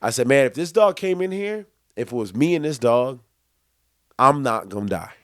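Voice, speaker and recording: A man's voice: medium pitch, lively intonation, moderate pace, fairly bright tone, dry recording, studio quality. A young man co-hosting a podcast, telling a long story in casual chat, acting out quotes and laughing often. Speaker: podcast co-host.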